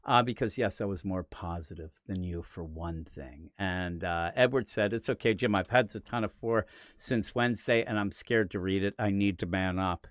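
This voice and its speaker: A man's voice: normal speed, dry recording, studio quality. An American man co-hosting a comic-book podcast in casual, jokey chat, sometimes putting on silly voices. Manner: jokey, puts on silly high accent voices. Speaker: podcast co-host. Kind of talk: casual live-stream chat.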